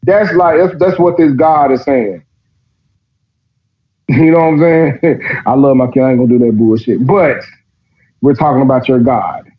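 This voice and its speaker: A man hosting a podcast, giving profane, sarcastic, animated commentary as he reads a text aloud. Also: mid-range voice, moderate pace, pauses often, muffled recording. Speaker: podcast host. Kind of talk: mocking commentary while reading aloud.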